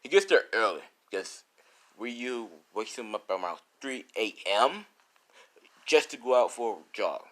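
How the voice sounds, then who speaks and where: A man's voice: fairly low pitch, big pitch swings, a little slow, fairly bright tone. Rambling man telling a fan story. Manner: rambling with many restarts and fillers. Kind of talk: casual improvised storytelling.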